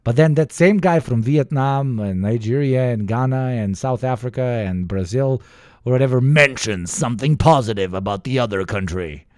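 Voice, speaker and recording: A man's voice: mid-range voice, normal speed, darkish tone, no echo, clean studio sound. A young man from the former Yugoslavia giving a casual, profane, ranting reaction commentary and mimicking other people. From former Yugoslavia, Balkans. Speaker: reaction streamer.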